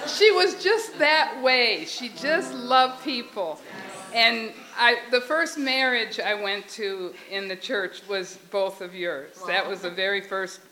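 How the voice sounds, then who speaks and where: A woman sharing a memory at a memorial, telling her story with animated, laughing dialogue. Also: mid-range voice, slow pace, rough recording. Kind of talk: storytelling testimony.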